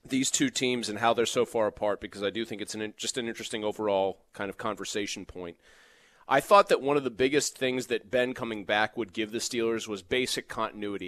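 A man's voice: fairly low pitch, no room sound. Heated man co-hosting sports radio. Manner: animated, heated, quick to rant. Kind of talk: sports talk radio banter.

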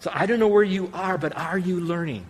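A man's voice: high-pitched, fairly quick, a little hiss or hum. Earnest male pastor preaching. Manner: earnest preaching, acts out prayers, swings between loud and hushed. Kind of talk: sermon.

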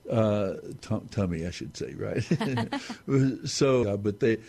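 A man explaining scripture on a talk show in a halting, measured way with many restarts. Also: on the low side, lively intonation, creaky, a little mellow. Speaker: Bible teacher on a talk show. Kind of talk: unscripted Bible discussion.

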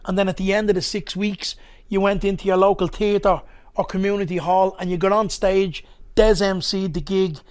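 A man's voice: sits high, level tone, moderate pace, clean tone. A man with a Dublin accent, a comedian telling stories as a podcast guest in a loose, rambling way. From Ballymun, Dublin, Ireland. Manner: rambling, loose, with many asides. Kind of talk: conversational storytelling.

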